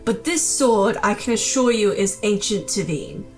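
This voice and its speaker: A woman playing a tabletop role-playing game, speaking in character in a measured, formal way. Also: medium pitch, expressive, soft background music, rough recording.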